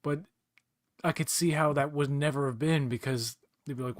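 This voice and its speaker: A man co-hosting a casual movie commentary, blunt and joking, breaking into quick silly voices. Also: on the high side, no room sound, studio quality. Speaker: podcast co-host.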